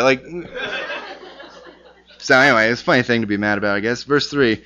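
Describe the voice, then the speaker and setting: A man's voice: mid-range voice, a little fast, long pauses, sharp tone. A man teaching a casual Bible lesson, talking conversationally with lots of fillers and restarts.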